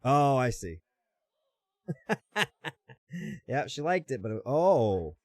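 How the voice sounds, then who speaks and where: A man's voice: mid-range voice, big pitch swings, slow, darkish tone, no echo, studio quality. A man hosting a casual reaction video, teasing and chuckling at what he watches.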